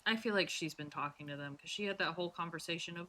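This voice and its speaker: A woman's voice: on the low side, fast, sharp tone. A woman streamer commenting on a game she is playing live, swearing freely and reacting to the characters.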